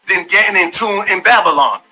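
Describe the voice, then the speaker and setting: A man with a high, bright, husky voice, talking bluntly and profanely in a heated monologue. He addresses someone directly, in a confrontational way. Faint music plays underneath. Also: fairly quick, poor audio. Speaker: former community member giving his side.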